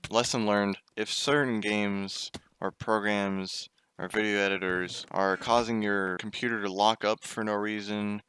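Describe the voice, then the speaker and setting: A man's voice: fairly low pitch, fairly even intonation, a little slow, hardly any pauses, fairly bright tone, a little hiss or hum. A young man telling a casual story while gaming, chatty, swearing and breaking off to react to the game. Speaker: gaming YouTuber.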